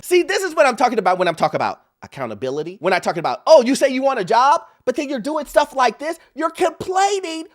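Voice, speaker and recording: A man's voice: very high voice, big pitch swings, fast, hardly any pauses. A man hosting a commentary show, reacting to clips with laughter and talking straight to his viewers. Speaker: host. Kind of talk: commentary on social media clips.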